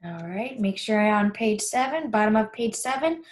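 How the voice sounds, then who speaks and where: A woman teacher walking children through a workbook lesson, patiently repeating the key words slowly. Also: medium pitch, animated. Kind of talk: guiding a class through a workbook.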